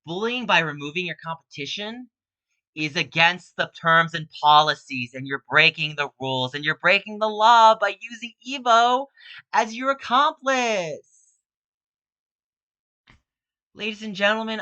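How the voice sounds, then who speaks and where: A woman's voice: mid-range voice, unhurried, bright, forceful tone, dry recording, highs cut off. A woman delivering an agitated, accusatory rant straight at an opponent in a video statement, repeating herself and growing more heated. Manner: repetitive, emphatic, grows more heated. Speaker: speedrunner and video host.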